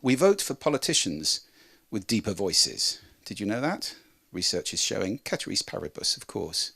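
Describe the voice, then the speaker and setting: Animated man giving a voice talk. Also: normal speed, vocal fry, breathy edge. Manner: lively, demonstrative, varies pitch and volume to show a point. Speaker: speaker on voice and communication. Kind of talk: presenting a talk to an audience.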